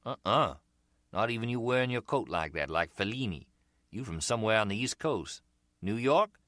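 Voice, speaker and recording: A man's voice: fairly low pitch, animated, normal speed, fairly bright tone, no room sound, studio quality. A man voicing a middle-aged, easygoing street hustler who sells umbrellas and talks in a chatty, slangy way.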